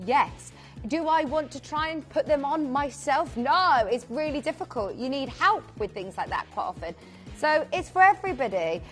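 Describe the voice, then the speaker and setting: A woman's voice: high voice, animated, normal speed, a bit bright, soft background music. A woman presenting live on a shopping channel, chatty and upbeat, calling out buyers' names. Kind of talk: live TV sales pitch.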